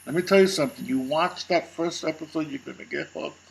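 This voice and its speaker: A man's voice: on the high side, fairly quick, creaky, rough recording. A man co-hosting a casual chat, speaking emphatically with repeated words and laughter. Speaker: co-host.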